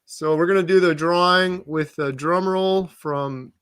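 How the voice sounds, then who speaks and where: A man hosting a casual live Q&A stream, upbeat and quick to laugh. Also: sits high, fairly bright tone, clear, resonant tone, no room sound. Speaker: livestream host.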